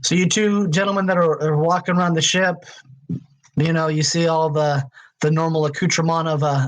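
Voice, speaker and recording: A man narrating as game master of a tabletop role-playing game, talking in halting bits with restarts. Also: a little high, poor audio. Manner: halting, many restarts and fillers.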